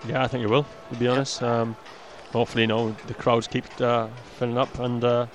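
A man's voice: medium pitch, level tone, brisk, a little hiss or hum. A man, an injured footballer, giving brief and modest answers in a casual chat from a stadium stand. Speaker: injured footballer, studio guest.

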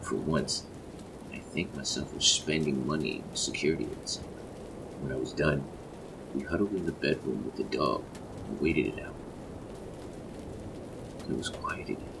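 A man narrating a horror story in first person, slow and measured. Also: very deep voice, lively intonation, vocal fry, background noise.

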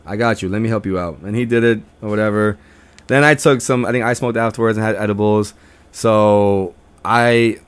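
A young man casually telling stories about his friends, swearing a lot and acting out their lines in a raised voice. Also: medium pitch. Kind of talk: casual storytelling.

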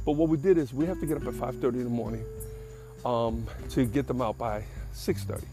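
A man's voice: medium pitch, brisk, over music. An older man from the Bronx, a podcast host telling a casual story in a blunt, streetwise and profane way. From the Bronx, New York.

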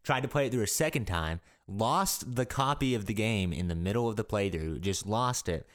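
A young man co-hosts a laid-back gaming podcast, rambling through stories with restarts and laughs. His voice sits low but moves with lively swings of pitch. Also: normal speed. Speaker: podcast co-host. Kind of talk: casual chat.

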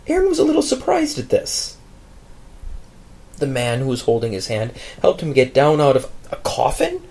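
A male pastor telling a Bible story dramatically in a sermon. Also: husky. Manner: dramatic, expressive storytelling with big pitch swings.

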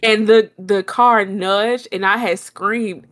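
A young woman, telling a long story in casual chat and acting out her own shouts. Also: mid-range voice, steady tone, slow.

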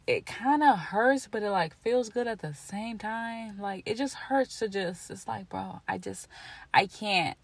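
A woman's voice: mid-range voice, slow, creaky, breathy edge, dry recording. Rambling, emotional young woman. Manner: rambling and emotional, full of "like" and restarts. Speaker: podcast host. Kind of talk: casual personal monologue.

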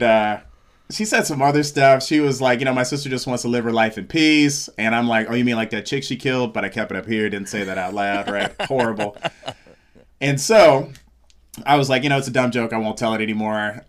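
A man's voice: medium pitch, a little fast. A man who is a comedian, telling a story in casual chat and acting out the lines of the people in it. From Seattle, USA. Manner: animated, acts out quoted lines.

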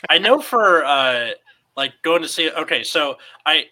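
A man's voice: on the high side, lively intonation, measured pace, bright, forceful tone, low-quality recording. A man telling stories in casual podcast chat, hesitant with many restarts.

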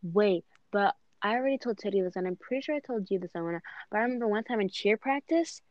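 A woman's voice: mid-range voice, lively intonation, fast, no echo, highs cut off. A young woman whose first language is Spanish, chatting with friends and telling stories full of fillers. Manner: chatty storyteller, filler-heavy. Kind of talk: casual chat among friends.

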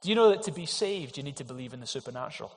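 A man's voice: mid-range voice, lively intonation, racing. A man preaching a sermon, earnest and emphatic, with rhetorical questions to the congregation. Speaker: pastor. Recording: long hall reverb.

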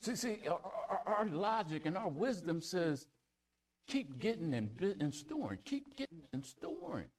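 A male pastor preaches a sermon at an unhurried, sing-song pace, his pitch swinging widely between ringing declarations and hushed near-whispers. He reads scripture aloud in King James wording and repeats words to build emphasis.

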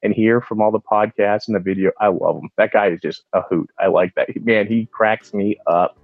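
An American man appears as a podcast guest, chatting casually and telling stories with animation while acting out quotes. His voice is fairly low, creaky and moderately paced, captured on narrow, tinny audio without echo.

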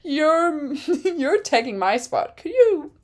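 A woman's voice: high-pitched, big pitch swings, slow, voice pushed up, exaggerated voice. A woman playfully voicing a cocky young male racing driver who politely teases a rival. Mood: teasing.

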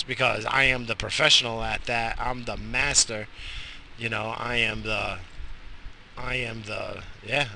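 Exhausted man with a sharp, bright voice. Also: medium pitch, creaky, a little hiss or hum. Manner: profane, blunt, joking. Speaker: podcast host. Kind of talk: crude rambling monologue.

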